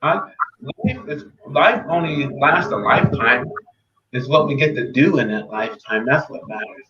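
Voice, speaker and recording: A man's voice: mid-range voice, lively intonation, normal speed. A man who is a podcast guest, telling his life story in an earnest, faith-filled way and repeating key phrases. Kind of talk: personal testimony. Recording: echoey, dull, slightly noisy remote audio.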